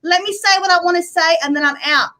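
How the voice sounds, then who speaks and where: Blunt woman, high pitch, fed-up live-stream arguing. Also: quick pace, bright, forceful tone, poor audio. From Australia. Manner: blunt, exasperated, swears. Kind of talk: heated live stream argument.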